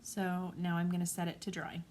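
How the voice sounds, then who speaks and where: A woman in her forties talking through a craft tutorial at home in a gentle, calm, chatty way. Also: fairly low pitch, normal speed, a little hiss or hum. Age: 40s. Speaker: craft vlogger.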